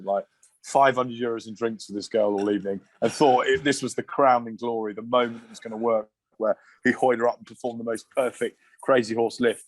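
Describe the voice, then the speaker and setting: A man's voice: mid-range voice, no echo. Dry-sounding man telling rowdy stories. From England. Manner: lively, swears freely, laughs through his stories. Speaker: podcast guest, former rugby player. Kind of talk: casual anecdotal storytelling.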